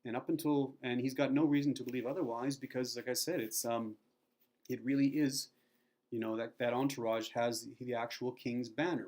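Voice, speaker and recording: A man's voice: mid-range voice, a little mellow. A middle-aged man giving casual spoken Bible teaching, chatty and rambling, acting out quotes as he retells a scene. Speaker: Christian video teacher.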